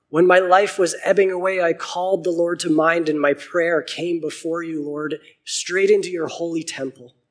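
A man reading out the prayer of Jonah in an earnest, husky reading voice. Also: a little high. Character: Jonah, a man praying from the fish's belly.

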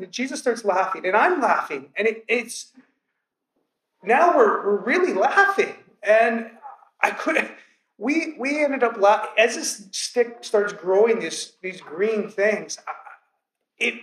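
A man telling his church about a vision during prayer, earnest, with many halting restarts and bursts of laughter. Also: sits high, a bit bright, echoey room, rough recording. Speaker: church member sharing a vision. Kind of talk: testimony to a church.

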